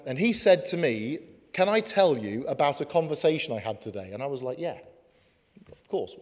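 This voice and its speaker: A man preaching a sermon in an earnest way, slowing down for emphatic lines. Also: on the high side, dark tone. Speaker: pastor. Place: church hall. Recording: long hall reverb.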